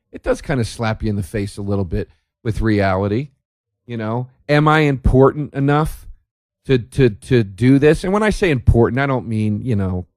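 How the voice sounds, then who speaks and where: A man's voice: on the low side, darkish tone, no echo. Sardonic man, dry close mic. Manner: sardonic, profane, rambling with restarts. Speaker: podcast host. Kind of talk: solo comedic monologue. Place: indoor room by a window.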